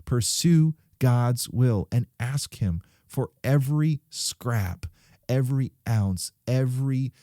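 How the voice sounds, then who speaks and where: A man preaching to young people, urging them with stories and sudden quiet drops, recorded close and dry. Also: mid-range voice, expressive, takes it slowly, dry recording.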